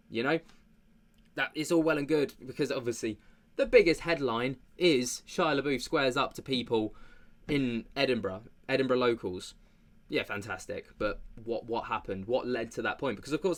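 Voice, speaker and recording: Man, commentary vlog host, rambling, casual, lots of fillers. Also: medium pitch.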